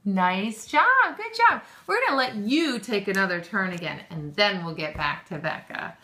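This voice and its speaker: A woman's voice: mid-range voice, lively intonation, normal speed, pushed and bright. A woman teaching a lesson to young children, encouraging them and praising often, with questions drawn out.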